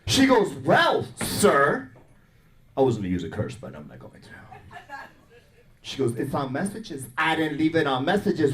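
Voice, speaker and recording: Male stand-up comic, high and lively, acts out a domestic quarrel, echoey room. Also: normal speed. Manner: animated storytelling, acting out both sides of a quarrel. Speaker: stand-up comedian. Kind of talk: stand-up comedy set. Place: comedy club stage with audience laughter.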